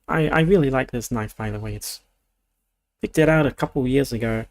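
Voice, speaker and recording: A young man talks through his build in a loose, meandering way, often restarting his sentences as he thinks aloud. His voice sits at a middling pitch with a noticeable gravelly fry running through it. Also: a little fast. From Australia. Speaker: streamer. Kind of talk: casual livestream chat while building.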